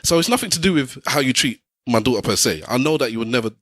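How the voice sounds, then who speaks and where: A middle-aged podcast co-host argues insistently in a heated personal dispute, lecturing and hammering home the same points again and again. His mid-range voice is fast, a bit bright and lively in intonation, captured in a dry, studio-quality recording.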